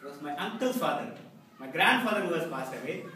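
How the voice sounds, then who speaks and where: A man's voice: fairly high pitch, big pitch swings, brisk, pushed and bright. A middle-aged man giving a humorous prepared speech to a club, telling stories with acted quotes. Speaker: club speaker. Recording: echoey hall from far off, background noise.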